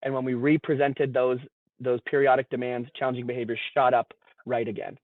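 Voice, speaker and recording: A man's voice: mid-range voice, level tone, a little fast, no echo. A man presenting as a behavior analyst, earnestly walking listeners through a case and often repeating words as he starts a thought. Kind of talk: explanatory presentation. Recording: dry, tinny phone-like line.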